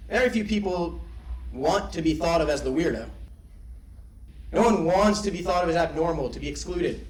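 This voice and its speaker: A man's voice: a little high, a little hiss or hum. A young man giving a graduation speech as valedictorian, wry and playful, then reflective. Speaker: valedictorian speaker. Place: large ceremony hall. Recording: roomy hall sound from a distant mic.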